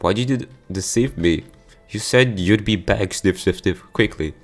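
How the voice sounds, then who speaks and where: A man's voice: on the low side, normal speed, soft background music, lightly acted. A man reading a visual novel aloud, voicing a tearful young woman who sniffles as she speaks. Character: tearful young woman waiting for her friend.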